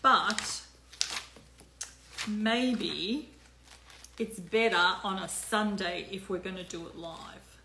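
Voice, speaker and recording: A woman's voice: mid-range voice, slow, gravelly, pauses often, reverberant, noisy background. A woman hosting a casual live stream, chatting loosely with lots of fillers and the odd swear word.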